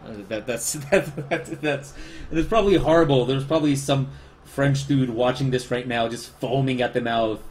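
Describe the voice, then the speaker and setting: A man's voice: medium pitch, fairly quick, darkish tone. A man with a Spanish accent, a livestreaming artist chatting casually, rambling and self-deprecating as he answers chat.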